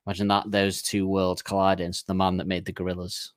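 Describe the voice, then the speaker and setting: A man's voice: low voice, monotone, quick pace, no room sound, studio quality. A man co-hosting a casual music podcast, rambling through his thoughts with plenty of laughs and restarts. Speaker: podcast co-host. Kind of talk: casual chat.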